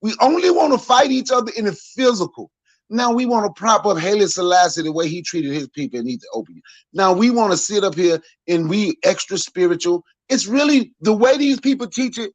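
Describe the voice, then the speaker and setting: A man's voice: sits high, no room sound. A man in his forties speaking as a podcast panelist in a blunt, profane, heated rant.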